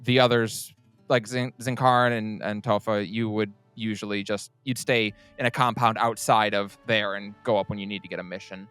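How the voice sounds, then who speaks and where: A man narrating a tabletop game as game master, relaxed and a little hesitant. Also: on the low side, moderate pace, clean tone, no room sound. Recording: faint music behind the voice.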